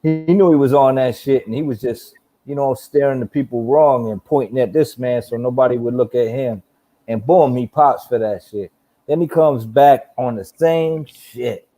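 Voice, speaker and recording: A man's voice: mid-range voice, moderate pace, warm tone, faint music behind, rough recording. A man co-hosting a live boxing talk show, blunt and profane, often restarting his sentences. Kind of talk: casual live-stream chat.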